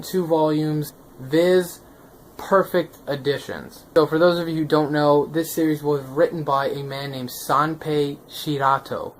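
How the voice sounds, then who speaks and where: Sex: man. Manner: excitable, slangy manga vlogger. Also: fairly high pitch, a little hiss or hum. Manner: excitable, slangy, often checks in with the viewer. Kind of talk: casual video review.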